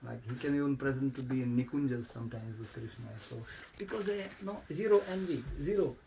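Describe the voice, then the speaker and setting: A man giving a devotional talk in a house, telling stories in an animated way with frequent laughter. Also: medium pitch, a little fast, gravelly, a little hiss or hum. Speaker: spiritual teacher. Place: private house.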